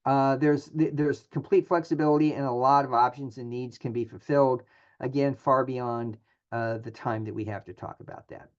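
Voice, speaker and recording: A man's voice: medium pitch, steady tone, normal speed, darkish tone. Man presenting, conversational and filler-heavy. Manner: conversational, many filler words and restarts. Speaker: planned giving presenter. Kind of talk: webinar presentation. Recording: dull lo-fi audio.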